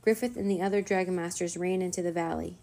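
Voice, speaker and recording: Female storyteller, low and dark-toned, with some fry; steady children's-book narration. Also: fast talker. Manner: steady, even read-aloud narration. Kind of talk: reading a children's chapter book aloud.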